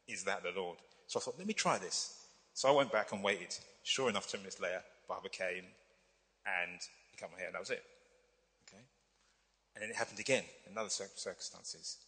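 Low-ish guy preaching, crisp bright tone, keeps saying okay, hall echo. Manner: teaching, checks in with the audience with repeated "okay" and "right". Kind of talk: sermon. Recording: long hall reverb.

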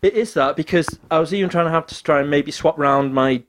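A man's voice: fairly high pitch, fast talker, a little hiss or hum. A young man telling a story in casual chat, swearing freely and acting out what other people said. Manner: animated, swears often, acts out quoted dialogue.

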